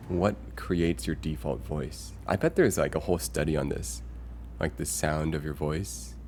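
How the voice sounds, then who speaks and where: There's slight background noise as a man with an extremely low, darkish voice talks at a measured pace on a live stream. He rambles casually with many fillers, thinking aloud, reading out chat messages and welcoming arriving viewers.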